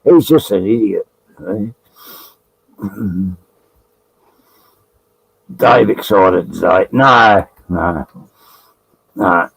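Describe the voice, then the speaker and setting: A man's voice: deep voice, drawn-out words, creaky, pauses often, fairly bright tone, husky, no echo, low-quality recording. A man with an Australian accent, chatting as a guest on a live stream, rambling and joking with frequent laughs. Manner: rambling, jokey, laughs often. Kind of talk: casual live stream banter.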